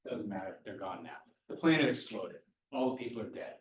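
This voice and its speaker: A man's voice: on the low side, expressive, fairly quick, a little hiss or hum. A man casually recapping a comic book plot in a chatty, wry way. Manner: chatty, wry, speeding through plot points. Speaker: podcast host recapping a comic. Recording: roomy, distant, dull-sounding mic.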